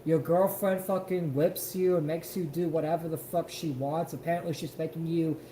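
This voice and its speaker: A man hosting a podcast, reacting to a clip with loud, profane, heated rants. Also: on the high side, fairly even intonation, normal speed, a little hiss or hum. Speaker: podcast host. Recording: roomy echo with faint ambience.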